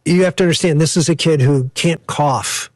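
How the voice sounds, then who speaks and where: A man's voice: on the high side, normal speed, dry recording. Man, interview guest, emphatic storytelling, dry close sound. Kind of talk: conversational storytelling.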